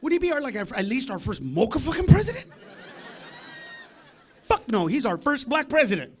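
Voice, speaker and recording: High-pitched, profane stand-up comedian. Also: male voice, huge pitch swings, brisk, a faint crowd, a little hiss or hum. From United States. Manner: loud, profane, swings between shouting and muttering asides. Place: comedy club stage.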